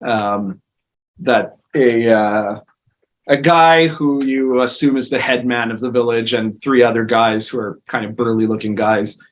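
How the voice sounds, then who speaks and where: A man's voice: medium pitch, steady tone, unhurried. A man narrating as game master of a tabletop game, rambling with many fillers. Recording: dull lo-fi recording.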